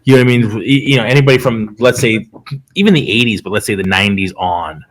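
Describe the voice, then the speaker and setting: A man co-hosting a casual podcast chat, relaxed and agreeable, drawing out his phrases. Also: fairly low pitch. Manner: relaxed, drawn-out phrasing, agreeable, lots of "you know what I mean". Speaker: podcast co-host.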